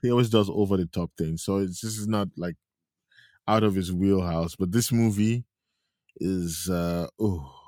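A man's voice: deep voice, unhurried, dark tone, dry recording, clean studio sound. A man co-hosting a movie review podcast in casual chat, chatty, laughing often and restarting his sentences. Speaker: podcast co-host.

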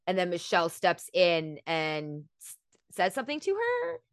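Profane, animated woman in casual chat. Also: on the low side, a little slow, no echo, studio quality. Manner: profane, animated, acts out quotes. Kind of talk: casual chat recapping a film.

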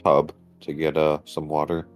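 A man's voice: rumbling low, monotone, normal speed, soft background music. A man playing a tabletop game, plainly describing what his character does. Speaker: player.

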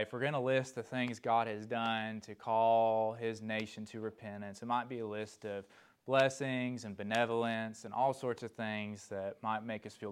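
A man's voice: on the low side, fairly bright tone, clean tone. A man teaching from the Bible, explaining a passage and reading scripture aloud with emphasis. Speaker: preacher.

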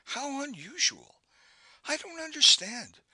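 A man's voice: sits high, wildly swooping pitch, measured pace, sharp tone, breathy edge, no room sound, pitched above the performer's own voice, full character voice. A man reading an audiobook, voicing a refined and earnest young female poet in a lilting, emphatic way. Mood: wondering.

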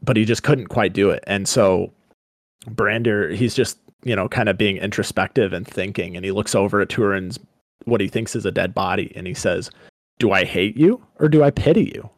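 Low-voiced man retelling a story casually. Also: fairly even intonation, no echo, studio quality. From Colorado. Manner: chatty, paraphrases characters in quick asides. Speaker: podcast co-host.

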